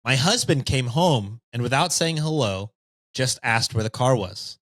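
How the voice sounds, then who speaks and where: A man's voice: medium pitch, measured pace, no echo. A man hosting a podcast, reading a story aloud and breaking off for jokey asides. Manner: lively, reads with jokey asides. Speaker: podcast host reading stories.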